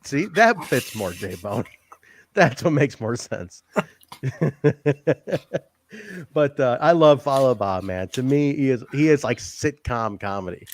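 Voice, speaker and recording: A man co-hosting a casual wrestling review podcast, animated and joking, often laughing and swearing. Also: mid-range voice, slow pace, long pauses. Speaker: podcast co-host.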